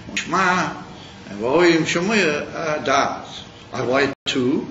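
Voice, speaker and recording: A man teaching Chassidus in an informal Torah lecture, halting and searching for words as he tells a story. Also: a little high. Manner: halting, searching for words, mixing Yiddish and Hebrew terms. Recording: roomy, dull, noisy recording.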